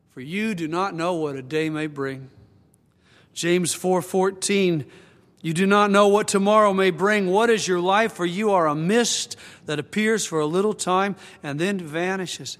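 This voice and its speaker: An older man preaching a sermon, reflective and earnest, slowing and softening at tender moments. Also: sits high. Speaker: pastor. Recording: long hall reverb.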